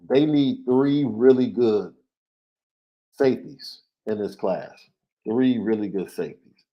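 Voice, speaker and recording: A man co-hosting a casual sports talk show, measured, repeating his points for emphasis. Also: mid-range voice, highs cut off. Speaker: podcast co-host, recruiting analyst.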